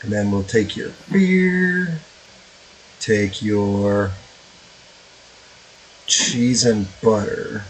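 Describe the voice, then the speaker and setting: A man's voice: lowish voice, drawn-out words, pauses often, a little hiss or hum, poor audio. A man casually commentating his gameplay as a streamer, rambling with lots of fillers and offhand swearing.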